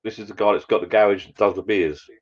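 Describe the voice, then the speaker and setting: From his garden bar shed, a vlogger hosts a live stream, chatting casually to viewers in a friendly, matey way. His voice is deep and steady in tone, and he talks quickly and rambles on. The audio sounds a little muffled and lo-fi.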